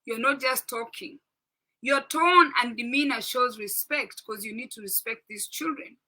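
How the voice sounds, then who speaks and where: Bright-voiced middle-aged woman giving earnest advice. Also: on the high side, moderate pace, rough recording. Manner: earnest and instructive, repeats points, checks in with listeners. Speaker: parenting talk host. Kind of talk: informal talk discussing a parenting book.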